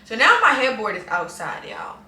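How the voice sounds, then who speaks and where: A woman's voice: on the high side, normal speed. A woman, telling a chatty, dramatic story as a vlogger. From New Orleans, USA. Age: 20s. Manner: animated, chatty, dramatic retelling. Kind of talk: casual storytime. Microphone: camera mic. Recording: roomy echo, voice a bit off-mic, faint hum.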